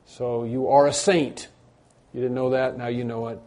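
Mellow-voiced man preaching a sermon. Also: medium pitch, level tone, normal speed. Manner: earnest, repeats phrases for emphasis. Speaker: pastor.

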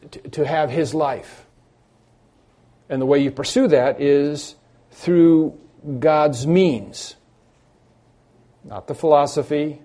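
A man's voice: on the high side, mellow. A man preaching a sermon in an earnest, emphatic way, often restarting his phrases as he explains a scripture passage. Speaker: pastor.

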